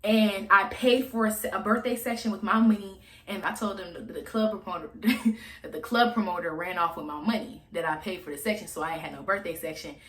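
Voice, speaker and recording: A woman's voice: mid-range voice, fairly quick, fairly bright tone. Woman, 20s, vlogger: frank, profane storytelling, echoey room. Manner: blunt, profane, chatty storytelling. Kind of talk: casual storytime monologue.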